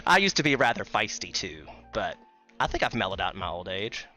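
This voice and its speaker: A man in his thirties with a bright, forceful tone, talking like a casual podcast host. He tells stories animatedly and swears freely. Faint music plays under him. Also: lowish voice, sing-song, fairly quick. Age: 30s. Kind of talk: casual chat.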